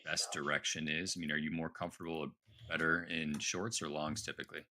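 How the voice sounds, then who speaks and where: A man's voice: a bass voice, level tone, fairly quick, pushed and bright. A man hosting a live trading stream, casually talking through market levels and asking his co-host questions. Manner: conversational, asks co-host questions, many fillers.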